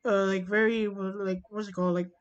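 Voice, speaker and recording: A woman's voice: medium pitch, little pitch movement, clear, resonant tone. Rambling woman in casual chat, stumbling restarts, mid-range voice, muffled lo-fi sound. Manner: rambling, halting, many restarts.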